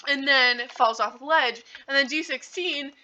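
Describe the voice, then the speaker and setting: A woman with a high, very bright voice talks through a movie recap, rambling from one point to the next. She leans heavily on fillers and "like". The recording is dull and lo-fi. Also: measured pace. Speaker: channel host.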